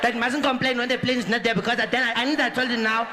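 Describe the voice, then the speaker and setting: A man's voice: extremely high pitch, flat delivery, rapid-fire, bright, forceful tone, pitched above the performer's own voice. A man voicing a rambling female airport gate announcer with a garbled announcing drawl. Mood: flustered announcing. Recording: roaring audience laughter and noise.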